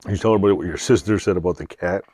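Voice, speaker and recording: Here the middle-aged host speaks very fast in a low, husky, slightly mellow voice, recorded with no echo. He's in his home garage workshop, joking casually with his daughter, relaxed and quick to laugh.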